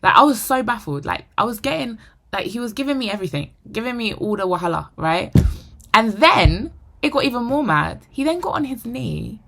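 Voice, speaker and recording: A young woman vlogger telling a personal story to camera, animated and acting out the dialogue. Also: on the high side, a little fast, gravelly. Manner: animated, acts out quoted dialogue; drops to a whisper for inner thoughts. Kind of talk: storytime monologue.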